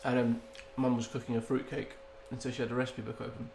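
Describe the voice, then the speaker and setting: A man trading jokey, mock-exasperated banter as he co-hosts a relaxed podcast at home. His voice sits at an ordinary pitch, and the room gives it a noticeable echo with a faint hiss underneath. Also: fast talker, gravelly. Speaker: podcast co-host. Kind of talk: casual chat. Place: at home, early morning. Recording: roomy echo.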